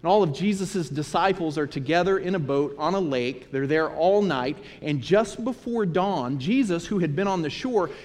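A man preaching a sermon, his voice sitting a little high. He tells scripture and childhood stories in an animated way. A long hall reverb trails his words. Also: moderate pace, few pauses. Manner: storytelling, animated retelling of scripture. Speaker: pastor.

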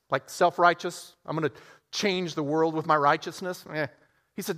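A man preaching a sermon, telling a story and acting out its characters with lively swings in his voice. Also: normal speed. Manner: animated, acts out characters with big pitch swings. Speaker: pastor. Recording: long hall reverb.

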